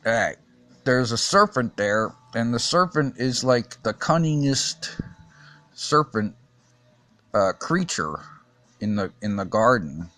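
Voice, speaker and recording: A man giving a casual Bible lesson while drawing, talking haltingly with many restarts and fillers and chuckling often. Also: mid-range voice, big pitch swings, sharp tone, dry recording, soft background music. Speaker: teacher.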